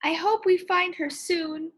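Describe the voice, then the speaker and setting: A woman's voice: very high voice, steady tone, a little slow, voice pushed up. A woman voicing a wistful young girl in a children's storybook who speaks with a sigh. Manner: sighing, wistful.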